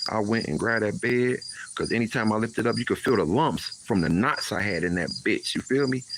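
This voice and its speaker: Man, low voice, animated storytelling, faint crickets behind. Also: slight background noise. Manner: animated, acts out quoted voices, heavy slang. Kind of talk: casual storytelling.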